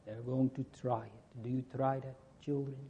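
A man preaching a sermon to a congregation, earnest and slow, repeating key phrases. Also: mid-range voice, level tone, warm tone, breathy edge, lo-fi sound.

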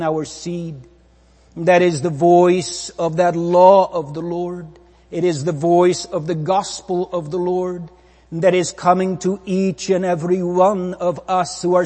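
Slow solemn preacher, echoing church. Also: male voice, high-pitched, flat delivery, dark tone. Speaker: pastor. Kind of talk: funeral sermon.

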